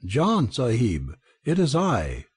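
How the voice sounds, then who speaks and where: A man voicing a gentle, mysterious young woman who speaks softly and slowly. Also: mid-range voice, wildly swooping pitch, husky, no echo, exaggerated voice. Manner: soft, slow, with a thick exotic pronunciation.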